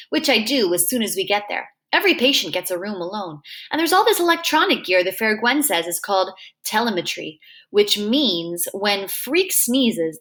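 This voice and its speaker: A woman reads a novel aloud, telling it in the first person. Her delivery is plain and conversational, at a middle pitch. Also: a bit bright. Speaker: reader. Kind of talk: storybook reading aloud.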